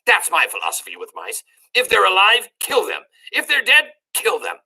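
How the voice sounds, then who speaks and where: A woman reading a storybook aloud and voicing a bossy female cook who shouts orders. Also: medium pitch, huge pitch swings, moderate pace, creaky, voice pushed up, exaggerated voice, poor audio. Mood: bossy, shouting.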